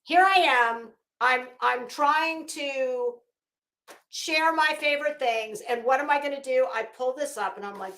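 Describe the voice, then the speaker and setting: A Florida woman rambles effusively while hosting a casual live chat for her commentary channel, often stopping herself mid-sentence. She speaks a little slowly in a voice on the high side that's a bit bright, with a roomy sound.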